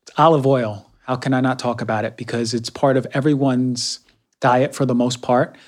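A man's voice: mid-range voice, normal speed. Chatty man giving health product reviews. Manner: energetic, conversational, repeats words; frequent fillers like um and right. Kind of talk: casual monologue.

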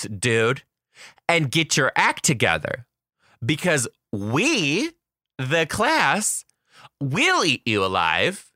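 A man's voice: on the high side, sharp tone, dry recording, clean studio sound, full character voice. A man voicing his kindergarten class lecturing their teacher as if they were adults, in a bossy, demanding way.

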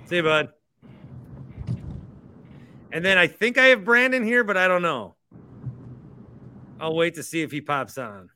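Man hosting a podcast, bright clear voice, a bit high, teasing casual banter. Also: expressive, a little slow, long pauses. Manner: joking, teasing callers. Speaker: podcast host. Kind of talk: casual call-in chat.

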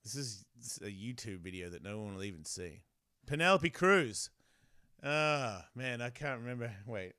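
A man's voice: mid-range voice, lively intonation, normal speed, bright, forceful tone, clear, resonant tone, no echo. A man with an Australian accent hosting a casual show, laughing often and swearing freely. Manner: laughing, crude, swearing a lot. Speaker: host. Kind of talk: casual live show chat.

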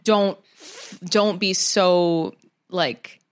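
Lowish voiced woman rambling a story on a podcast, lots of likes. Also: steady tone, very slow. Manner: chatty storytelling, many "like" fillers. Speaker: podcast co-host. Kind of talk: casual chat.

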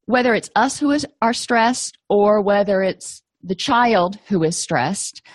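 A woman's voice: mid-range voice, expressive, slow, no echo. A middle-aged woman presenting an educational lecture in a conversational, anecdotal way, with frequent fillers.

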